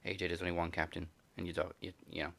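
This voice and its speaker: A man's voice: low voice, level tone, rapid-fire, creaky, fairly bright tone. A man hosting a casual wrestling podcast, laughing often as he moves through the segments. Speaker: podcast host.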